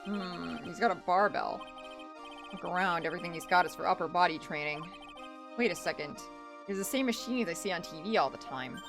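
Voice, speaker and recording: A woman's voice: lowish voice, a little fast, music in the background. A young woman streaming a game, chatting casually with lots of restarts and swearing. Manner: rambling, stammering, many restarts.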